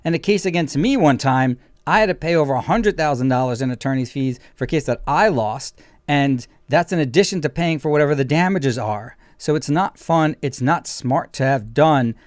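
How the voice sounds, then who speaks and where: A man's voice: on the high side, animated, moderate pace, dry recording, studio quality. A man hosting a legal commentary show as an attorney, explaining emphatically.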